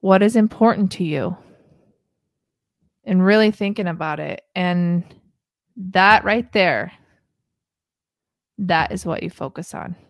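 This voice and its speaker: A woman's voice: fairly low pitch, slow, pauses often, no room sound, studio quality. A woman in her thirties co-hosting a podcast, talking in an earnest, rambling way and laughing often. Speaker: podcast co-host. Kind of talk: casual chat.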